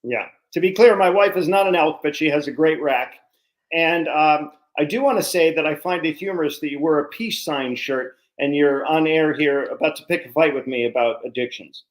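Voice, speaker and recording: A man's voice: fairly high pitch, normal speed, low-quality recording. A middle-aged man, a comedian co-hosting, bickering with his wife in mock-indignant, teasing banter. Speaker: comedian co-host. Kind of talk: comic bickering chat.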